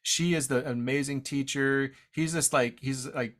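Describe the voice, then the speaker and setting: A man's voice: mid-range voice, steady tone, a bit bright. A man teaching his tribe's language in an online presentation. He talks casually and jokes about himself, and he often stops and starts over. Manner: casual, self-deprecating, halting with restarts. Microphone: video call. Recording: unstable internet connection, audio drops out.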